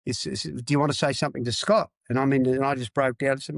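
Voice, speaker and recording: An Australian former rugby player in his fifties tells his story as a podcast guest, raw and frank, repeating words for emphasis. He talks fast with few pauses in a mid-range voice, and the recording is dry.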